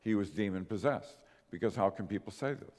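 A male pastor delivering a sermon, earnest and emphatic, swinging between raised stresses and quiet drops. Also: fairly low pitch, a little fast, a little hiss or hum. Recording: long hall reverb.

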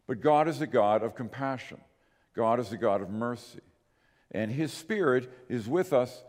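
A male pastor delivering a sermon, earnest and emphatic, swinging between raised stresses and quiet drops. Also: mid-range voice. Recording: long hall reverb.

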